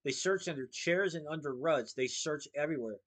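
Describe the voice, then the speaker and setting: A man reading a children's book aloud, steady with small slips and restarts. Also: fairly high pitch, fairly quick.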